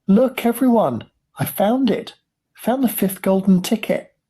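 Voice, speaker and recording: An eager, excitable little boy from a storybook reading, as a male narrator lifts his voice high to play him. The lines come out raised and bright with excitement, clearly higher than the reader's own tone. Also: moderate pace. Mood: excited. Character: poor hungry young boy, eager and excited.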